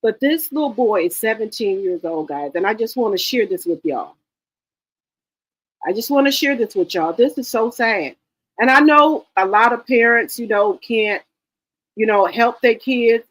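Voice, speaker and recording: A woman in her forties talks to her viewers in a halting, heartfelt way. She restarts her sentences and leans on "you know" and "y'all". Her voice sits at an ordinary middle pitch. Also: expressive, low-quality recording. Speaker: livestream host. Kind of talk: casual chat with viewers.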